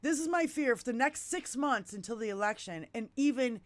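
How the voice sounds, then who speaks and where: A woman hosting a podcast, talking in a blunt, loud, heavily swearing way, with her lips close to a musician's mic in a home studio. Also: on the high side, expressive, a little fast. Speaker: podcast host. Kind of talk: casual political chat. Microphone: musician's mic held close.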